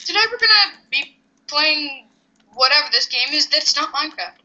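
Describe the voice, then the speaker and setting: A gamer chatting casually with a friend over gameplay, excitable and jokey, blurting quick reactions. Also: high-pitched, a little hiss or hum. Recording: dull lo-fi mic.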